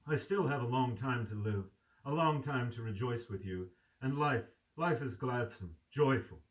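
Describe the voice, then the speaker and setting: A man's voice: medium pitch, unhurried, lightly acted. A man reading aloud and voicing a tender, fervent young man who is dying, speaking in a pleading way. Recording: distant mic.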